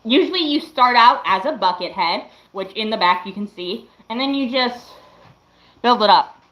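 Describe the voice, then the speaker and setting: A young woman in her late teens chatting casually on a livestream, showing her craft work in a slow, hesitant way with lots of "um"s. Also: a little high, animated, echoey room, highs cut off. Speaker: livestreamer and fursuit maker.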